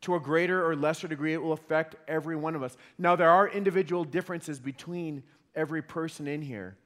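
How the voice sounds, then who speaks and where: A man's voice: on the high side, fast, a bit bright. A man preaching a sermon in an earnest way, often repeating words as he starts a phrase. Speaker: pastor. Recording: long hall reverb.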